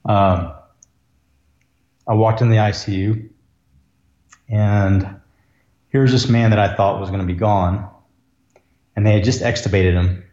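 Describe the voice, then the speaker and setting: Man, low voice, earnest reflective storyteller; roomy, dull lo-fi recording. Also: level tone, a little slow, pauses often, dark tone. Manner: earnest, reflective, emotional at times. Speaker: ER physician, podcast guest. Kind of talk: conversational storytelling.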